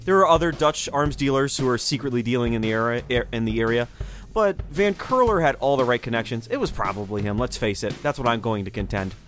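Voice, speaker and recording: A man's voice: medium pitch, animated, brisk, a bit bright, soft background music. A man hosting a history show, telling the story in a loose, conversational way with speculative asides. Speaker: history podcast host. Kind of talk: casual history lecture.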